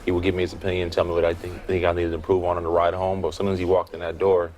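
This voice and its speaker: A man with a very deep voice answers interview questions in a relaxed, thoughtful way, often pausing on fillers. Faint background noise from a restaurant sits behind him. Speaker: interview guest, football player. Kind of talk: casual interview.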